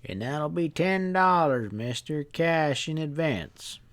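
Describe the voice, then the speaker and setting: A man's voice: fairly high pitch, expressive, pitched above the performer's own voice. A man doing a sly, drawling young stableman. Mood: placid, sly. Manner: placid slow drawl.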